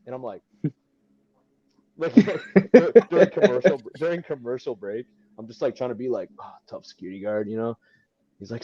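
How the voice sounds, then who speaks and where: A young man tells his stories in a low, mellow voice, laughing often and jumping up high whenever he mimics someone else. The audio sounds muffled and lo-fi. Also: a little fast, no echo. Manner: animated, laughing often, acts out other people's lines in a high voice. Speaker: professional wrestler guest. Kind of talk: casual storytelling. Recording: dull lo-fi podcast audio.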